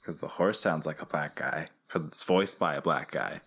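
Sarcastic deadpan man on a podcast. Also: extremely low pitch, moderate pace, gravelly, slightly rough. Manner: sarcastic, deadpan, swears freely. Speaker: podcast co-host. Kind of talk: casual comedic recap chat.

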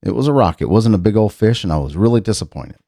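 Fast-talking and expressive, this middle-aged man has a lowish, creaky, warm voice recorded dry in a studio. As host of a casual radio-style chat show, he reads out news items while musing aloud, rambling and frequently restarting.

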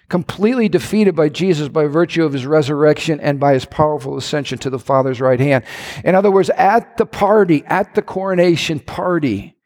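A man preaching a sermon to his congregation, telling lively stories with playful asides. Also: fairly high pitch, big-room sound. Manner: animated storytelling with playful asides. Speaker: pastor. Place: church sanctuary.

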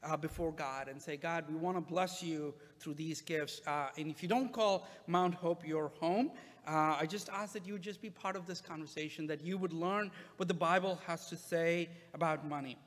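A male pastor preaching a sermon in a relaxed, conversational way, with frequent "uh" fillers. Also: on the high side, normal speed, few pauses, big-room sound.

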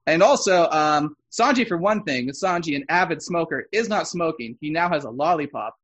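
A man's voice: a little high, lively intonation, normal speed, hardly any pauses, a bit bright, slightly rough, low-quality recording. A man co-hosting a casual chat, rambling with fillers and restarts. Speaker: podcast co-host. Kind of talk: casual chat reviewing an anime dub.

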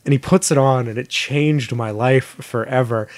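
A man's voice: medium pitch, normal speed, dry recording. A young man co-hosting a podcast, telling a story in casual chat and acting out the people he quotes. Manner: animated, acts out quoted voices, laughs often. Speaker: podcast co-host.

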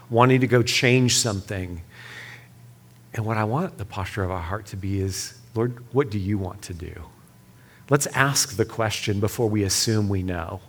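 A man's voice: on the low side, a little hiss or hum. Earnest man preaching and praying. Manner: earnest storytelling, drops to soft hushed prayer. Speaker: speaker leading a church session. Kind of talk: sermon with prayer.

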